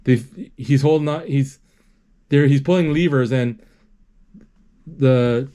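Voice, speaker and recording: Guy narrating a movie as it plays, lots of stops and restarts, gets excited. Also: medium pitch. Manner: halting, self-correcting, excited exclamations.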